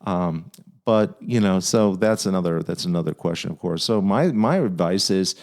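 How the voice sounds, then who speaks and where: A man's voice: low-pitched, normal speed, darkish tone. A man hosting an advice podcast, talking in a playful, earnest and uplifting way. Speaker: podcast host giving advice. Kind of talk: casual advice podcast chat.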